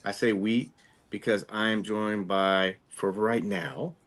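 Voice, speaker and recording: A man hosting a casual podcast, relaxed and prone to repeating his phrases. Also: lowish voice, slow. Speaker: podcast host. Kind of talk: casual chat.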